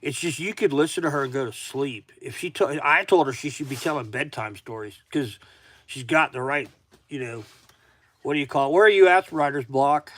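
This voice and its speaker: A man's voice: medium pitch, normal speed, fairly bright tone. A middle-aged man from Florida with a Southern accent, tired, chatting casually in a rambling way on a livestream from his garage workshop, greeting viewers by name. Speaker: outdoor livestream host.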